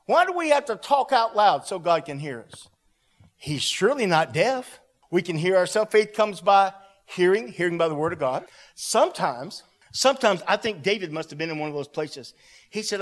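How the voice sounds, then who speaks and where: A man preaching a sermon to a congregation in a church hall, animated and calling out to the room. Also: high voice.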